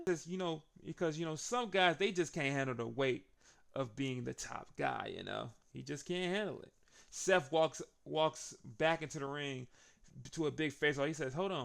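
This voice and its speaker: A man giving a casual, animated recap of a wrestling show, laughing often and acting out the wrestlers' lines. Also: a little high, normal speed, vocal fry.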